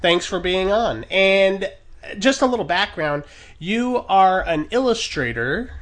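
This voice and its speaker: A man's voice: high voice, lively intonation, slow pace, fairly bright tone. Male podcast host, light tenor, chatty and rambling. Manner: chatty, rambling with fillers and restarts. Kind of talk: casual chat.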